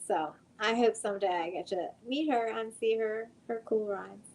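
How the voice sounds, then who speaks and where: A woman talks as a guest on a live podcast, relaxed and friendly. She laughs easily and keeps an upbeat tone. Her pitch sits in the usual middle range. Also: normal speed, low-quality recording. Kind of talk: casual live-stream chat.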